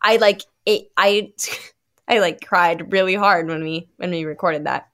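A young adult woman, an actress guest on a podcast, telling stories in a casual, animated way full of fillers. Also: on the low side, unhurried. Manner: animated, filler-heavy storytelling.

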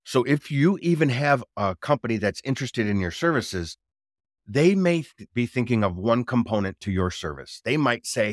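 A man guest talking casually about his business in an interview, energetic and repeating words for emphasis. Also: medium pitch, moderate pace, dry recording, studio quality. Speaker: guest, drone business owner.

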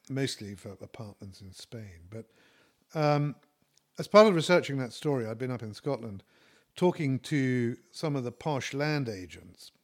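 A middle-aged man casually telling a long, self-deprecating story, with many fillers and restarts. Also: mid-range voice. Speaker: storyteller recounting his own venture. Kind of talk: casual spoken anecdote.

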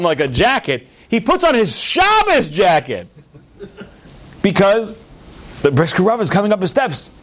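A man spins stories for a gathered audience. His voice sits high and swoops widely as he acts out each character's words. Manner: animated storyteller, acts out characters' lines. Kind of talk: storytelling talk to an audience.

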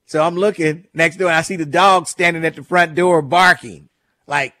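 A fairly high-voiced man hosts a call-in radio show, chatting loosely and telling neighborhood stories with amused asides. His studio mic sounds dry and close. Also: fairly even intonation, moderate pace, sharp tone, no echo. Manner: chatty storytelling, amused, repeats phone number. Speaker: radio talk show host. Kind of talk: casual call-in radio talk.

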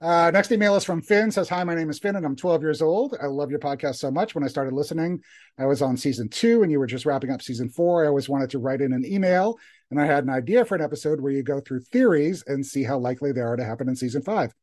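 A man co-hosting a podcast, reading listener emails aloud in a relaxed, easygoing way. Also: fairly high pitch, quick pace. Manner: easygoing, reads emails aloud with light laughs. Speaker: podcast co-host.

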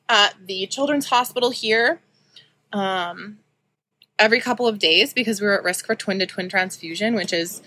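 A woman's voice: mid-range voice, bright, forceful tone. A woman in her thirties hosting a podcast, telling a personal story in a candid, chatty way with lots of ums and likes. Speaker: podcast host.

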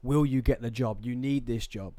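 A man's voice: mid-range voice, dark tone, dry recording. A man hosting a podcast, talking conversationally and correcting himself as he asks questions. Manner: conversational, halting, self-correcting. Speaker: podcast host. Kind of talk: casual chat.

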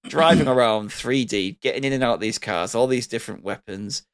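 A man's voice: medium pitch, brisk, clear, resonant tone, dry recording, studio quality. A man reminiscing in a casual podcast chat, rambling and enthusiastic. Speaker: podcast co-host.

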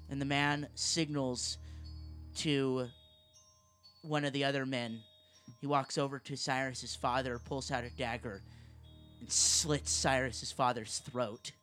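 A man narrating a tabletop game as game master, describing the scene slowly, with some restarts. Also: mid-range voice, fairly even intonation, fairly bright tone, faint music behind.

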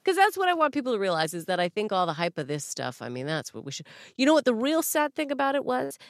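Animated woman hosting a chatty podcast. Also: on the low side, no room sound, clean studio sound. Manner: animated, jokey storytelling with playful voices. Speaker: podcast host. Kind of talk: casual chat.

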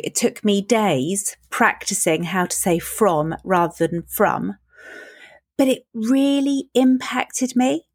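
A woman's voice: mid-range voice, breathy edge, dry recording, studio quality. A woman podcast host with a light Belfast lilt, chatty and reflective, telling a personal story. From Northern Ireland and England. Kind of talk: podcast interview.

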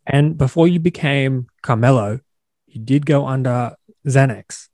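A man's voice: medium pitch, measured pace, a little mellow, dry recording, studio quality. Podcast host, man, asks brief questions at an easy pace, no room sound. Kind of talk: interview questions.

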